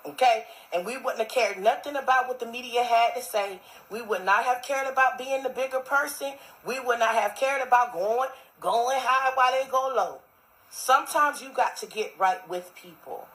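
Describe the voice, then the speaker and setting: A woman's voice: a little high, normal speed, a bit bright, rough recording. A woman speaking emphatically to camera, lecturing her audience.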